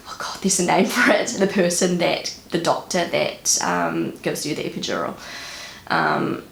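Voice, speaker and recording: A woman's voice: on the low side, fairly even intonation, moderate pace, vocal fry. A young woman with a New Zealand accent, telling a personal story to camera in a chatty way, with many fillers and repeated words. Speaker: vlogger. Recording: echoey room with faint noise.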